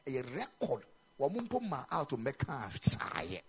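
A man preaching a sermon in a chapel, animated and emphatic, mixing in local-language phrases. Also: medium pitch, measured pace, husky. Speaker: pastor.

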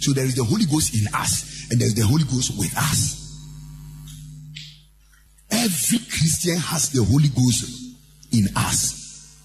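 A man's voice: medium pitch, big pitch swings, measured pace, pauses often. A male pastor preaching a sermon in a sing-song cadence, repeating lines for emphasis. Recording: long hall reverb with faint hip hop music.

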